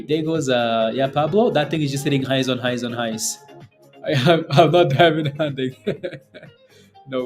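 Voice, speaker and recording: A man hosting a live day-trading stream, talking loosely and chatting with viewers, with lots of fillers and "right?" tags. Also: medium pitch. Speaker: day-trading livestream host. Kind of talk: casual live commentary reading chat.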